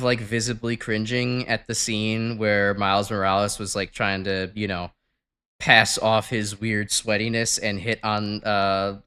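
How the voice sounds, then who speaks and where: A young man streams a game from home, chatting casually in a rambling way, swearing often, using lots of fillers and laughing easily. His voice is on the low side, smooth, yet pushed and bright.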